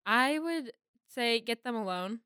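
Teenage girl, podcast guest, bright tone, dry close sound, earnest and rambling. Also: fairly high pitch, animated, unhurried, clear, resonant tone, no echo. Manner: earnest, rambling, with lots of likes. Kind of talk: casual podcast chat.

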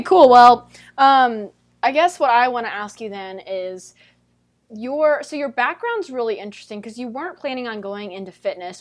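Upbeat woman hosting a podcast. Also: on the high side. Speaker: podcast host. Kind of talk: casual podcast interview.

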